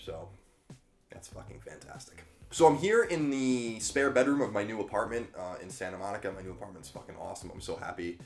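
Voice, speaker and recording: An American man in his thirties hosting a solo political commentary video from a spare bedroom, casual and emphatic, slowing down to stress his points. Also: on the low side, lively intonation, vocal fry, darkish tone, faint music behind. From United States. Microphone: camera in a small room.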